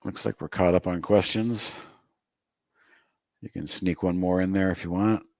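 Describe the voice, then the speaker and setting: A man with a very low voice hosting a live trading room in a relaxed, chatty way, with light laughs between remarks. His voice is recorded close and dry, with no room sound. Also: unhurried, creaky, no room sound. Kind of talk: casual live market commentary.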